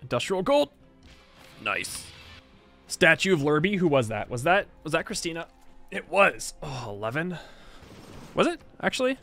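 A man streams a strategy game and comments as he plays, wry and talkative, chatting to himself and to the game's leaders. His pitch swings a lot from line to line. Soft music plays quietly behind him. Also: sing-song, normal speed, long pauses. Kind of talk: live gameplay commentary.

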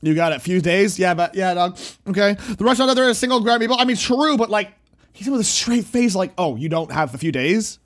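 A young man streaming live, excitedly reacting to a video and chatting with viewers. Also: high-pitched, fast talker. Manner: excitable, talks to chat, frequent loud laughs.

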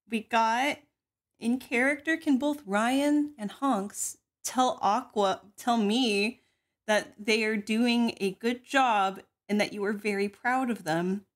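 A young woman streamer, giggling often as she reads out donations in casual chat. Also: on the high side. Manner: giggly, laughs often between words.

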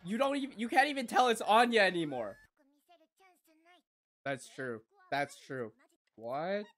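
A woman hosting an anime reaction, moving from soft cooing to loud excited squeals and swearing freely. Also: mid-range voice, a little slow.

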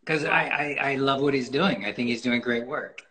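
A man's voice: medium pitch, normal speed, pushed and bright, rough recording. Rambling man guest, full of fillers. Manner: rambling, many fillers and restarts. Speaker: photographer guest. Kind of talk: casual interview talk. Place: podcast recording.

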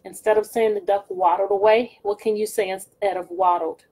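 A woman teacher reading a picture book aloud to children, pausing to ask them questions. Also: medium pitch, low-quality recording. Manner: slow, expressive, asks children questions. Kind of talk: storybook read-aloud lesson.

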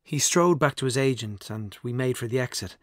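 A man narrating an audiobook in a measured, reflective first-person voice. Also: medium pitch, dry recording, studio quality. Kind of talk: scripted narration.

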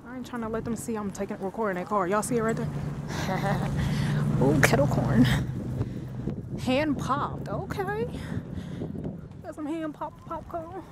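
A young woman vlogging from her phone, chatting excitedly with her viewers as she walks through a busy shopping center and a crowded restaurant. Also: fairly high pitch, a little slow, pauses often. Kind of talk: casual handheld vlog. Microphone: phone camera held in hand. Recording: loud crowd and noise on a phone mic. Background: crowd chatter and street noise.

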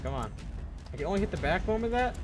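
A young man commentating on his gameplay, excitable, swearing and yelling at the game. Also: high-pitched, fast talker, over music. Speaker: gaming video host.

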